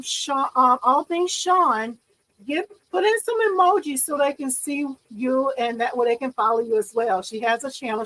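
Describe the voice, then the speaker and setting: A woman hosting a laid-back livestream chats with viewers in a high voice, bubbly and excitable and frequently breaking into laughter. It's a rough recording.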